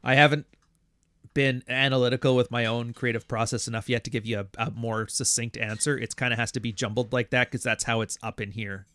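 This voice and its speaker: With a mid-range voice, fairly even intonation, a brisk pace and a sharp tone, a man hosts a casual livestream free of room sound. He reads super chats and responds in a blunt, profane, rambling manner, putting on other people's voices.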